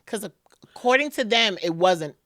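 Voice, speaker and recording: Here the same kind of animated storytelling comes in a mid-range female voice at a moderate pace: a podcast guest relives a personal experience, voicing the quotes and leaning heavily on "like." No room sound is audible.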